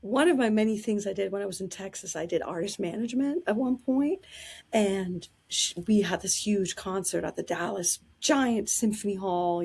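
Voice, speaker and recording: A woman telling anecdotes in a casual interview, animated and quick to laugh. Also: medium pitch, gravelly, husky.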